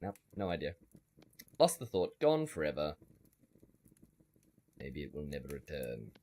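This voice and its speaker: A man's voice: a bass voice, huge pitch swings, measured pace, warm tone. A man streaming a survival game, rambling in a wry way and chatting with his viewers. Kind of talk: casual gameplay commentary.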